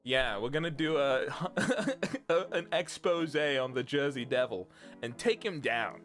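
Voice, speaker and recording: Lively British young man chatting. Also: medium pitch, slow, faint music behind. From Britain. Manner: rambling, laughs often, animated storytelling. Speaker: streamer. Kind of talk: casual chat.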